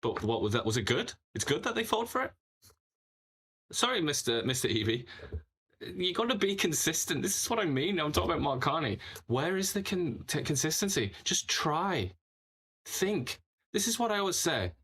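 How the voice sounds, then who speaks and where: A man's voice: a little high, big pitch swings, normal speed, a bit bright, breathy edge. A man hosting casual political commentary, talking in a sarcastic, mocking way.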